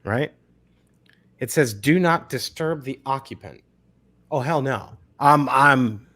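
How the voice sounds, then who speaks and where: A man in his forties, an actor guest telling stories in a relaxed interview, often repeating words as he starts a thought. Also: mid-range voice, slow pace, pauses often. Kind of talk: casual interview chat.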